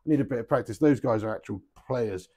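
A young man with a warm, husky, medium-pitched voice talks a little fast while hosting a live webcam darts stream. His casual chat is playful and laced with swearing, and he refers to viewers as mate and lad.

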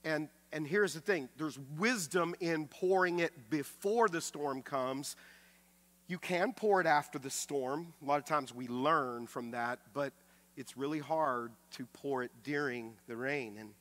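A man pastor preaching a sermon with emphasis, swinging from loud to hushed and often repeating words as he restarts. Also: fairly high pitch, unhurried. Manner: acts out quoted speech with raised voice.

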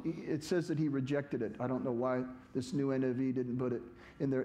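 A man's voice: fairly high pitch, brisk, darkish tone. A male pastor preaching a sermon with fervent, rising exhortation, his voice cracking.

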